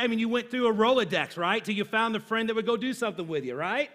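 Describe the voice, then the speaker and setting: Bright, high-voiced male pastor preaching. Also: animated, quick pace. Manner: humorous, conversational storytelling. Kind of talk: sermon. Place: church.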